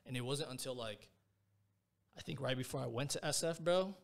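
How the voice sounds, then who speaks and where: A man's voice: medium pitch, normal speed, vocal fry. A young man, a podcast guest, telling a personal story in a casual, rambling way, full of slang fillers. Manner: slangy, rambling, peppers speech with "bro" and "like".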